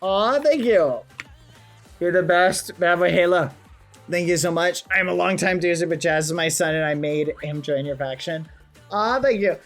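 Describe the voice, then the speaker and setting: A young man live-streaming a game, chatting playfully with viewers, excitable and self-mocking, with quick yelps. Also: on the high side, faint music behind. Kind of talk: casual game livestream chat.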